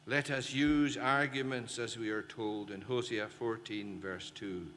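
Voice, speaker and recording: Slow, bright-voiced preacher man in a hall. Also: medium pitch, fairly even intonation. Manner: impassioned, with emphatic rhetorical questions. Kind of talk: sermon. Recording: reverberant hall, faint ambient noise.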